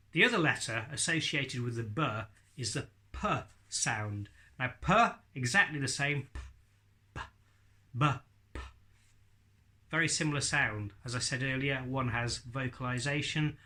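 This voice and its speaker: A man's voice: mid-range voice, measured pace, sharp tone. A man teaching ventriloquism in a casual video lesson, chatty and laughing often as he demonstrates sounds.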